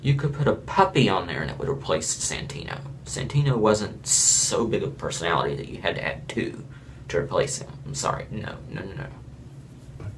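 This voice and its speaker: A man's voice: deep voice, expressive, normal speed, creaky, a little hiss or hum. A man from Florida giving a casual, blunt and rambling review of a reality show, with chuckling asides.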